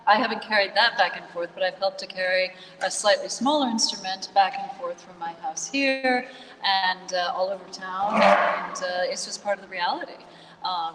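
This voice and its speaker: A woman's voice: fairly low pitch, a bit bright, a little hiss or hum. An American woman hosting a music project, talking with enthusiasm at a live event. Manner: enthusiastic, talkative. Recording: echoey hall, voice from far off.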